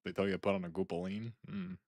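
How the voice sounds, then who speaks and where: A man's voice: low-pitched, level tone, fast talker, darkish tone, slight background noise. A young man streaming from home who rambles casually and jokes while reacting to videos, often trailing off mid-thought.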